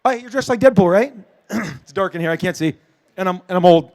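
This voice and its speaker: A middle-aged man, a comic book creator, answering audience questions at a convention panel with animated, joking storytelling. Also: high voice, quick pace. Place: dark convention panel room.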